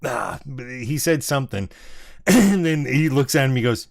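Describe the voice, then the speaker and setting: A man's voice: mid-range voice, animated, measured pace, vocal fry, no room sound, clean studio sound. A man in his forties co-hosting a podcast, telling stories with lots of swearing and laughter. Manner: laughing, profane storytelling. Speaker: podcast co-host. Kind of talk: casual chat.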